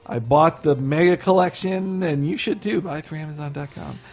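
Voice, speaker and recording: Playful podcast co-host man, slightly high voice. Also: brisk, darkish tone. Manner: laughs often, playful teasing. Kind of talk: casual chat.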